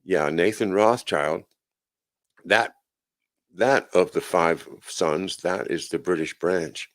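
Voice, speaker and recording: A man's voice: sits low, slow pace, fairly bright tone. A male host of a live chat show, reading news aloud and adding sardonic, chuckling asides with frequent "uh"s and restarts. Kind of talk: casual livestream commentary, reading news aloud.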